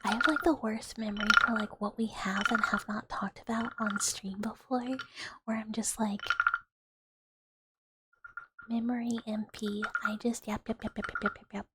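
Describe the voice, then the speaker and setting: A young woman chats in whispered role-play, her breathy voice sitting a little high. She rambles with fillers, close on the mic, over a loud steady hiss. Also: a little slow. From United States. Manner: soft unvoiced whisper, chatty and rambling with many fillers. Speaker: ASMR streamer chatting with viewers. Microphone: close sensitive ASMR microphone.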